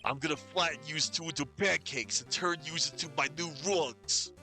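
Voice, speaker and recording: A man playing a loud growling gangster boss. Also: fairly high pitch, normal speed, soft background music. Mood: menacing. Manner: growling, threatening, slangy tough-guy talk. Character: menacing loud male gangster boss, thuggish. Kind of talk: reading a game aloud on stream.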